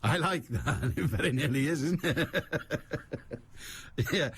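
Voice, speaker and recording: A man's voice: a little high, lively intonation, moderate pace, slightly rough. A middle-aged man hosting a radio phone-in, chatting wryly and teasing his listeners and callers. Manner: wry, teasing, laughs at his own jokes. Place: radio studio.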